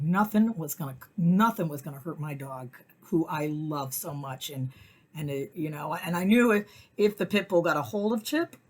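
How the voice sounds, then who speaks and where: Chatty, animated middle-aged woman. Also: breathy edge. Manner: chatty, animated, acts out quotes in high voices. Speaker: weekly message host. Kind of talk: casual personal storytelling.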